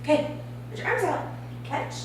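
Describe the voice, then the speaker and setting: A woman's voice: moderate pace, a little hiss or hum. A young mother at home talking to her toddler in a sing-song, coaxing voice and laughing often, recorded on a home video camera. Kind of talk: playful talk to a toddler. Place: family home.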